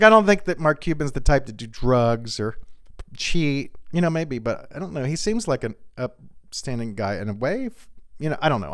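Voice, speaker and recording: A man rattles through celebrity news with crude asides and rambling tangents. His voice is smooth and slightly high, recorded dry and close. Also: dry recording. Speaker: comedian host. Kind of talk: stand-up style celebrity news jokes.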